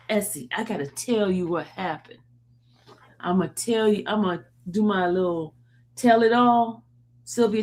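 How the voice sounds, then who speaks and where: A woman hosting a live stream in casual chat, joking, laughing often and talking to viewers in the chat by name. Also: medium pitch. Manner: drawn-out yawns and sighs. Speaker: livestream host.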